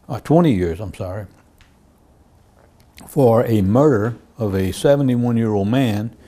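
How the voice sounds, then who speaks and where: Lower-pitched male cop telling case stories for a crime interview, plainly told, voicing the exchanges. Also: warm tone. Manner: plain storytelling, acts out quoted dialogue. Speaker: police officer. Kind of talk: true-crime interview recounting cases.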